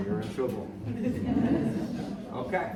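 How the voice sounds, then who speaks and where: Animated man speaking in a hall. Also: medium pitch, slow pace, very noisy. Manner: animated, joking, coaxes the audience to join in. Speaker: guest speaker. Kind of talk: live motivational talk to an audience. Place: event hall with an audience. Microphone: phone camera from the audience. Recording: echoey hall phone recording from far off.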